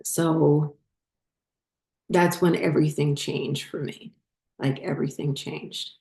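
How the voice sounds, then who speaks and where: A middle-aged woman hosting her own channel, telling her spiritual story in a halting, emotional way that chokes up at times. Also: low-pitched, fairly even intonation, creaky, dark tone. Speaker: channel host. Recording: roomy echo.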